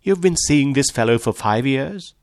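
A man's voice: mid-range voice, animated, moderate pace, dry recording, studio quality, pitched above the performer's own voice, close to an everyday voice. A man reading a story aloud, voicing an arrogant, indignant wealthy husband in a raised, sneering voice. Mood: scornful.

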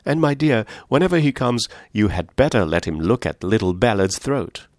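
A man voicing a fretful elderly gentleman who fusses anxiously over health. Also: lowish voice, big pitch swings, moderate pace, no room sound, studio quality. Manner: anxious, fussing, gently scolding.

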